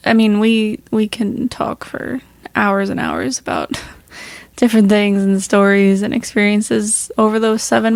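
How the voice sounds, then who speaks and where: A woman co-hosting a casual podcast, a little hoarse, chatty and laughing often as she rambles through stories. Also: medium pitch, dry recording. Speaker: podcast co-host. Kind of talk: casual chat.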